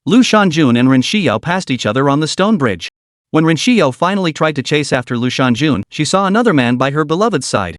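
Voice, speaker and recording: A man reads a web novel aloud in scripted narration. His voice sits somewhat high for a man and is recorded dry and close. The reading stays even and steady. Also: brisk, no echo.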